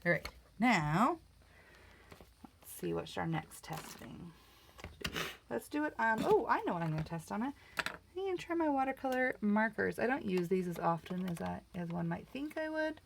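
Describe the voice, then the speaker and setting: A middle-aged woman talks her way through a painting session at her craft table, chatty and teasing herself as she goes. Her mid-range voice carries a gravelly fry, with a faint hiss in the background. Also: medium pitch, sing-song, normal speed. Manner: chatty, self-mocking, laughs easily. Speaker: art vlogger. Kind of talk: casual crafting tutorial chat.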